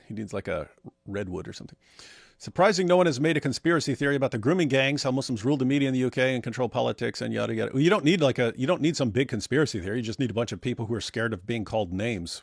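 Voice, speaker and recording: A man's voice: mid-range voice, creaky, no room sound, studio quality. A man co-hosting a casual livestream, reading viewer messages aloud and answering them with sarcastic, mocking asides. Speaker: livestream co-host reading super chats.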